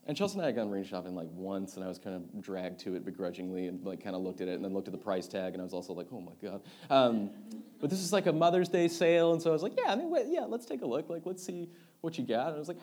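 A young man, a youth pastor, preaching a sermon built around a personal story, swinging from loud excited retelling to quiet earnest reflection. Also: sits low.

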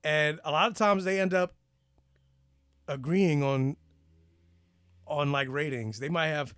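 A man with a fairly high voice chats loosely about a TV show, often stopping and restarting his sentences. He swears casually as he goes. The sound is dry and close. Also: unhurried, a bit bright, clean tone, dry recording. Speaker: podcast co-host. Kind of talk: casual TV review chat.

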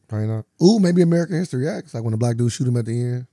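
A man's voice: medium pitch, lively intonation, racing, mellow, dry recording, studio quality. A man co-hosting a podcast in loose, joking chat, often acting out scenes as he retells them. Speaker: podcast co-host. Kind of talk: casual chat.

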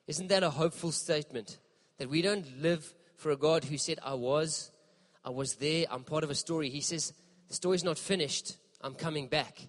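A man preaching a sermon in a church, impassioned and emphatic, with dramatic pauses. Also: a little high, long reverb tail. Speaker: pastor.

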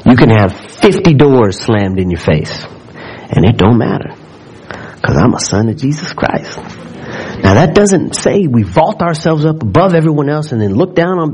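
A man's voice: mid-range voice, darkish tone, slight background noise, low-quality recording. A man preaching a sermon in a church, reading scripture aloud and building in fervor as he speaks to the congregation. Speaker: pastor.

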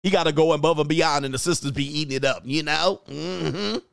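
A man hosting a casual dating-talk livestream, joking and mocking as he reads out viewer comments, using slang and drawn-out emphasis. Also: on the high side, vocal fry, clear, resonant tone, dry recording, studio quality. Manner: joking and mocking, slips into playful impressions and laughs often. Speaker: dating coach and show host.

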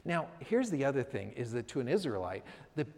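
A man's voice: medium pitch, big pitch swings, brisk, a little mellow. A man preaching a sermon as pastor, talking conversationally and acting out what his listeners might say, in a church. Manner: conversational, acts out voices of listeners. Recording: long hall reverb.

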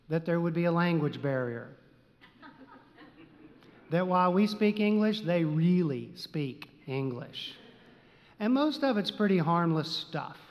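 A man's voice: a little high, a little mellow. A middle-aged man from Texas, a preacher telling a humorous story in a sermon in a wry, playful way with dry asides. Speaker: preacher and seminary teacher. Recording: long reverb of a large hall.

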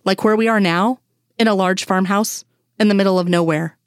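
A woman voicing an exasperated grown woman, a sharp FBI doctor, in a fan story reading. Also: medium pitch, steady tone, moderate pace, no echo, clean studio sound, natural voice. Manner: exasperated, pleading.

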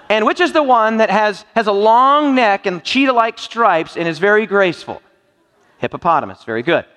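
In a church hall, a man preaches with jokes and playful questions quizzing his listeners. His high, animated voice is a bit bright, at a moderate pace with long pauses, under the long reverb of a large hall.

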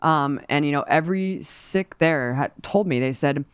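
A woman's voice: sits low, moderate pace, clear, resonant tone, no echo, studio quality. A woman hosting a casual political discussion, indignant and rambling with many fillers. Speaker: political commentary host.

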